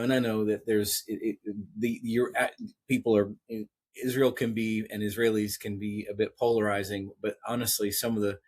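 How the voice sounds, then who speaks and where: A man co-hosting a podcast in casual chat, speaking haltingly and thoughtfully, with frequent restarts. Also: on the low side, darkish tone, no echo. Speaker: podcast co-host.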